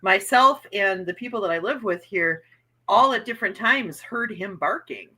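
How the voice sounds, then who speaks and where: A middle-aged woman chats on a video call with a husky but bright voice. She sounds warm and talkative and laughs easily. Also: medium pitch, lively intonation, moderate pace, poor audio. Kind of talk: casual group chat.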